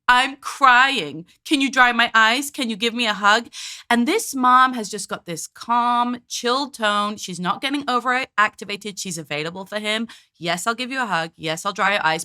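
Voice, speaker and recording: Bright, high-voiced woman commentator. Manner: frank, talkative, mimics parents in quotes. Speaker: parenting commentator and host. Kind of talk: casual commentary reacting to video clips.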